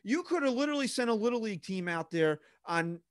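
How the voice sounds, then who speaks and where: A man talks sports in a blunt, exasperated way and keeps calling his co-host bro. His voice sits a bit high, and the sound is dry and close to the mic. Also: lively intonation, fast, clear, resonant tone, no room sound. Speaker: podcast co-host. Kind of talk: casual sports podcast banter.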